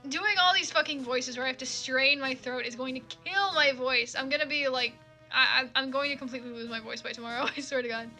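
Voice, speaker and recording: A woman's voice: high-pitched, a little fast, bright, forceful tone, faint music behind. A young woman streaming a game, rambling and swearing in casual commentary. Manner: swears a lot, rambling, laughing asides. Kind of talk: casual let's-play commentary.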